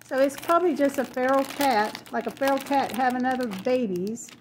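Woman, chatty crafting vlogger, gushing, fairly high voice, faint background hiss. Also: fast talker, few pauses. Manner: chatty, gushing, easily delighted. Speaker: crafting vlogger opening happy mail. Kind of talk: casual chat. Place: at home. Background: paper crinkling, dogs in the house.

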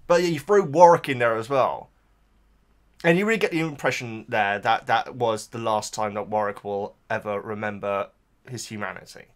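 A man's voice: medium pitch, fairly bright tone. A man hosting a reaction channel, talking in a casual, emotional and rambling way with lots of restarts.

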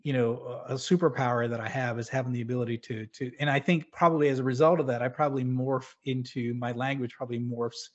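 A man's voice: mid-range voice, fairly even intonation, quick pace, hardly any pauses. A middle-aged man from New England, a podcast guest, talking earnestly about his career in casual chat with many restarts. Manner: earnest, storytelling, frequent restarts. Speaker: podcast guest, former submarine officer. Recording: lo-fi dull audio.

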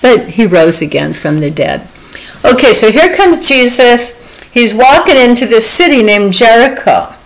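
Earnest woman retelling scripture, slow, heartfelt, chuckles often. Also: on the high side, lively intonation, poor audio. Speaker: devotional speaker. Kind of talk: informal Bible teaching.

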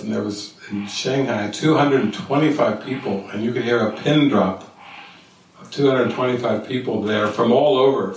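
An older man speaks to a retreat group, telling a story and quoting the people in it. His voice is mid-pitched and heard from a distance. A very echoey hall rings around every word, with faint room noise behind. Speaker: spiritual teacher. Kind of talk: retreat talk. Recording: echoey room, mic far off.

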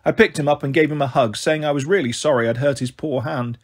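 A man reading a children's novel aloud in steady first-person narration. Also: a little high, fast, breathy edge. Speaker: storyteller.

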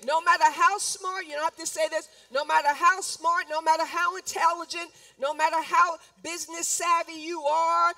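A woman's voice: high-pitched, creaky, pushed and bright, dry recording. A woman pastor preaching a sermon, emphatic and repetitive, sometimes acting out complaints in quoted voices. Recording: speaking from a distance from the mic.

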